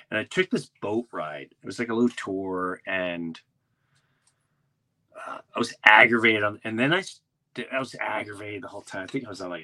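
A man's voice: on the low side, pushed and bright. A man who hosts a podcast and does stand-up, telling rambling stories in casual chat with many restarts. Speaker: podcast host and stand-up comedian.

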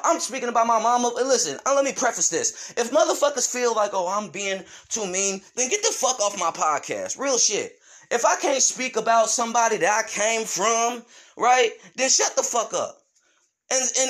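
High-voiced man ranting angrily. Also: fairly bright tone. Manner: heated, profane, confrontational. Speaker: podcast host. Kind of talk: podcast rant.

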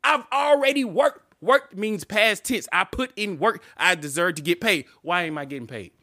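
A man co-hosting a casual podcast, ranting in a profane, animated way and laughing often. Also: high voice, normal speed, no echo, studio quality. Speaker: podcast co-host.

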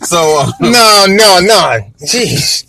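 A man from Florida calling in to a podcast, trading loud joking banter with a friend. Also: medium pitch, expressive, brisk, crowd noise. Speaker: caller. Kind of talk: casual voicemail banter.

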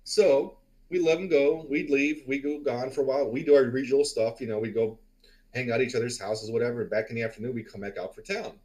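A man's voice: medium pitch, steady tone, quick pace, a little mellow, rough recording. A man in his forties telling a long story on a podcast in a loose, rambling way, with lots of fillers and swearing. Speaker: podcast co-host. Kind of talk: casual storytelling.

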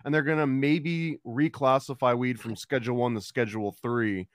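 A man's voice: medium pitch, fairly even intonation, normal speed, no room sound, clean studio sound. A man from the United States hosting a casual podcast, rambling along with lots of filler words. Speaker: podcast host.

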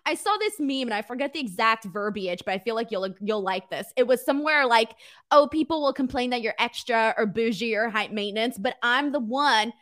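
A woman interviewing a guest in a friendly, casual way, agreeing warmly and reading out numbered questions. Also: a little high, a little fast.

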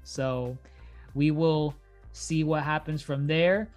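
Laughing, animated podcast host man. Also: fairly high pitch, slow pace, faint music behind. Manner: laughing, loose and animated sign-off. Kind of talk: casual podcast chat.

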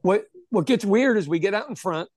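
A man who owns a pub, telling an animated story in casual chat, acting out what people said and swearing freely. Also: high-pitched, fairly quick, no room sound, clean studio sound. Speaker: podcast host telling a story; pub owner.

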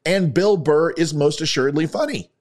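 A man giving an opinion commentary monologue, sarcastic and ranting, swinging between loud lines and muttered asides. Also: on the high side, normal speed. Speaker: online commentator.

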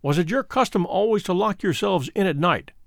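A man reading the part of a calm, incisive male detective who questions a client in brisk, probing lines. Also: high voice, gravelly, dry recording, studio quality. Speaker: audiobook reader. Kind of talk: storybook reading.

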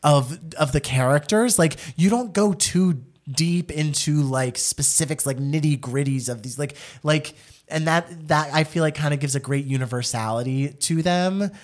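A man's voice: a little high, moderate pace. A man co-hosting a casual podcast, talking with gushing enthusiasm. His speech is packed with likes, restarts and repeated words. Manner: gushing, enthusiastic, many fillers. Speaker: podcast co-host. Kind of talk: casual chat.

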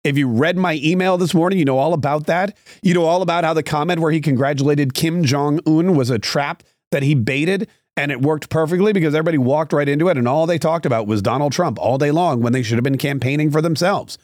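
A man's voice: a little high, fast talker, hardly any pauses, a little mellow, no echo, studio quality. A man hosting a political podcast, giving sarcastic, rambling opinion commentary with frequent restarts.

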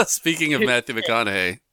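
Animated bright-voiced podcast host. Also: male voice, medium pitch, moderate pace, clear, resonant tone, no echo, studio quality. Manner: playful, self-mocking, laughs often. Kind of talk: casual podcast banter.

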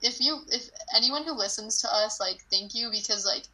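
A young woman co-hosting a podcast in loose, rambling chat, her speech thick with fillers and easy laughter. Her tone is bright and forward, and she swears offhandedly. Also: a little high, normal speed, poor audio. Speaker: podcast co-host. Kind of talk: casual chat.

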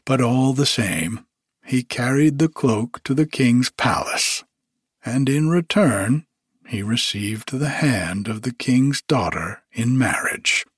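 A man reading a fairy tale aloud as a bedtime story, in an unhurried, expressive way. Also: medium pitch, breathy edge, no echo, clean studio sound.

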